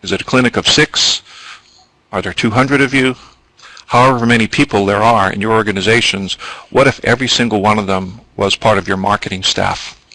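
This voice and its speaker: A man's voice: on the low side, steady tone, a little fast, sharp tone, no room sound, rough recording. A man presenting a business training webinar, explaining at length with ums and asides.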